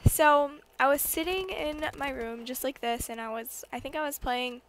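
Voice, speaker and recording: High-voiced young woman telling a story. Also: normal speed, slight background noise. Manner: chatty, lots of fillers, rising to excited emphasis. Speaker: vlogger. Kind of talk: casual storytime vlog. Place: her bedroom.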